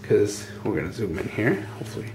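A man's voice: fairly low pitch, animated, brisk, darkish tone. Casual chatty man in an echoey space. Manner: chatty, addresses viewers as guys, many fillers. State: out of breath at times. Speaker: channel host. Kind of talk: casual how-to demonstration. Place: outdoors at a workbench. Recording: echoey with faint ambient noise.

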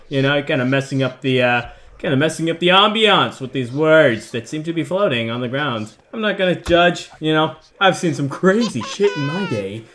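Lively jokey young man gaming. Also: on the high side. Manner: jokey rambling, nervous outbursts. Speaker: gaming YouTuber. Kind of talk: horror game commentary.

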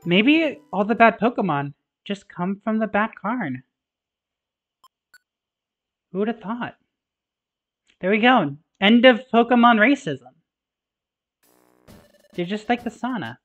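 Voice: medium pitch, animated, takes it slowly, long pauses. A playful streamer commentating a game and reading its dialogue aloud in a casual, giggly way, with game music under the voice. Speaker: let's play host. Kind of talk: casual let's play commentary. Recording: slightly dull mic, game music under.

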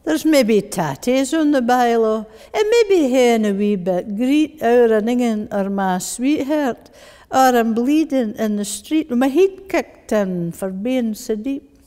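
A woman voicing an answering-machine message with a Dundee accent, deeper, rough and deadpan. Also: slow. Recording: long reverb of a large hall.

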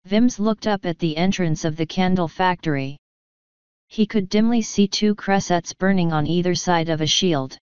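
A woman narrates a novel at an unhurried pace, her lowish voice very clear and crisp. The sound is dry with no room around it, slightly dull and lo-fi, like a modest home recording. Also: dry recording. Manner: slow, even storytelling read. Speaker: audiobook reader. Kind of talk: scripted narration.

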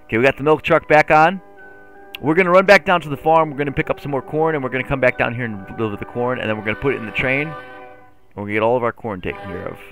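A man streaming a farming game live, chatting playfully with his chat and getting excitable over his driving. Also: medium pitch, very fast, faint music behind. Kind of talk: live gameplay commentary.

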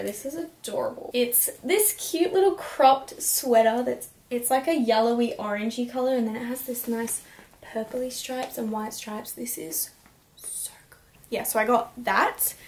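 A woman's voice: fairly high pitch, a little hiss or hum. A young woman in a casual haul vlog, talking to camera at home with a bubbly, gushing, chatty manner. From Australia. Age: young adult. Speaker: vlogger.

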